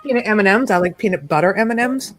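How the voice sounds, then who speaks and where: A woman's voice: mid-range voice, animated, fast talker, fairly bright tone, soft background music, low-quality recording. Chatty woman hosting a video call. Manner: chatty, laughs easily. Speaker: livestream host. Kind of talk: casual chat on a group video call.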